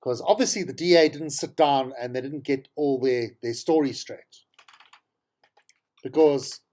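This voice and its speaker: A man's voice: medium pitch, measured pace, a little mellow. A man with a South African accent hosting a talk show, giving an exasperated, sarcastic commentary on politics and repeating himself for emphasis. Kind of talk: opinionated political commentary monologue.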